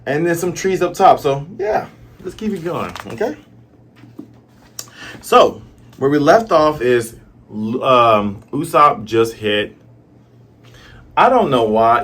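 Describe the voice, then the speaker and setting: A manga reviewer from the American South talks through a manga chapter in casual commentary, chatty and musing with lots of fillers. His voice is mid-range with a fairly bright tone.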